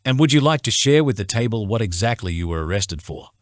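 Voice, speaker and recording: A stern middle-aged father, grilling someone with pointed questions, as read by a male narrator. The voice is deep and the recording dry and close. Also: lively intonation, quick pace, dry recording, lightly acted. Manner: stern, interrogating.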